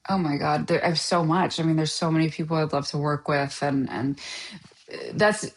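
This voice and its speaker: Low-voiced woman actor chatting animatedly. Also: normal speed. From Canada. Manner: animated, laughing often, many restarts. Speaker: actor guest. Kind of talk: casual interview chat.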